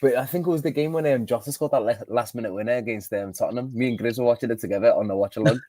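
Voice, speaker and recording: A man talking football as a guest on a live chat show, in quick, laughing, sweary banter. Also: mid-range voice, mellow. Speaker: guest podcaster.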